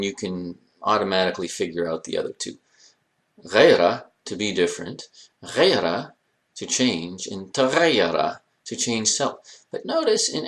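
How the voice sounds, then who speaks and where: A man teaching an Arabic grammar lesson, joking and speaking straight to his students. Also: lowish voice. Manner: jokey, addresses students directly, animated emphasis. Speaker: Arabic language instructor. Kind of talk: classroom lecture.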